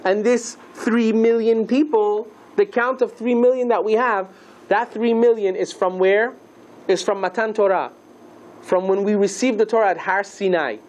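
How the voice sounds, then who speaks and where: A man teaching a class as a rabbi, lively and playful, asking the listeners questions and mixing Hebrew terms into his lesson. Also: high voice, rough recording.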